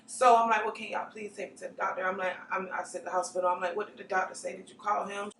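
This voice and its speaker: A young woman speaking in a mid-pitched voice with a gravelly edge, giving earnest, halting testimony in an interview. She sits some way from the mic, so her voice rings through a roomy space. A faint hiss runs underneath. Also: flat delivery, a bit bright. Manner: earnest, halting recounting with restarts. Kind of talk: personal testimony. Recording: echoey room, distant mic, faint noise.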